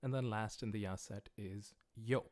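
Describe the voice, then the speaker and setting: A man with a fairly low voice and an American accent teaches a livestreamed language class. He explains each step patiently as he writes, often pausing on "uh" and "um". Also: a little mellow. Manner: patient, plain explanations with frequent "uh" and "um". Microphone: livestream microphone.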